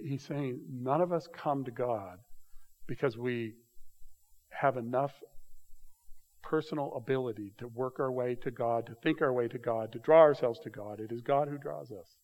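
A man's voice: mid-range voice, darkish tone. A man preaching a sermon in a conversational way, reading scripture aloud and building emphasis on key lines. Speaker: pastor.

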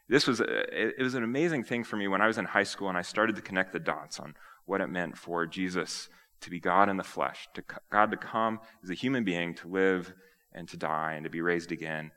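Bright-voiced low male preacher. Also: brisk. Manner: animated, acts out quoted speech. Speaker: pastor. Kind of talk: sermon.

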